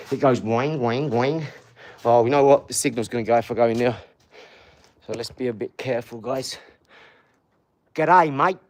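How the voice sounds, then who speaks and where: A livestream host broadcasts casually from his home garage, talking in a hyped, slangy way and calling viewers "dog" and "mate". His voice is medium-pitched with a darkish tone.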